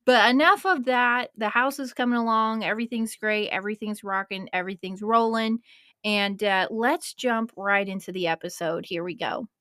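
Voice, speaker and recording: A woman's voice: medium pitch, moderate pace, pushed and bright, no room sound. A woman in her twenties hosting a podcast, chatting casually and emotionally and swearing now and then. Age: 20s. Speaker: podcast host.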